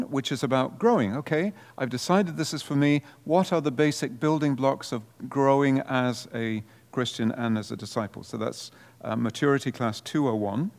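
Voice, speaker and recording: A man, a parish priest, giving an informal workshop presentation in a conversational way, with relaxed asides. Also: mid-range voice, big-room sound.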